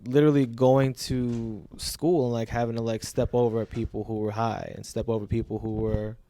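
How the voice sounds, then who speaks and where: A man, a teacher telling his story as a podcast guest in a relaxed, reflective way with many fillers. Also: medium pitch, normal speed. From Brooklyn, New York. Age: 40s. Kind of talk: casual conversational interview.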